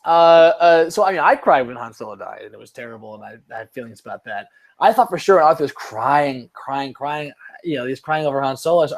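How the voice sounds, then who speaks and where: A man's voice: a little high, animated, fairly quick. Rambling, self-mocking podcast man. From Cleveland. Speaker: podcast host. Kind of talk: casual podcast chat.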